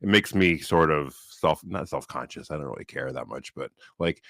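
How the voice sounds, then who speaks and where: A man's voice: a bass voice, normal speed, fairly bright tone, no room sound. A man co-hosting a podcast in casual chat, talking with a slight lisp from new braces and rambling with restarts. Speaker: podcast co-host.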